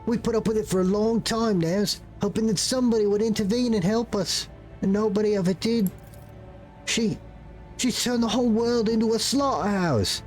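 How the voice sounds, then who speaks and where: A frightened young peasant rebel, played by a man, pleading in a rough put-on British accent and spilling words in a desperate rush. The voice sits noticeably higher than a normal speaking voice, with faint music playing underneath. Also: normal speed, a little mellow, natural voice. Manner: urgent, pleading, breathless storytelling.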